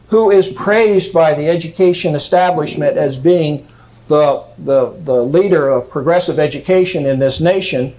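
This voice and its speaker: Emphatic male lecturer, slightly high voice. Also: darkish tone, low-quality recording. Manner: emphatic, checks in with "okay?". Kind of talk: lecture reading quotes.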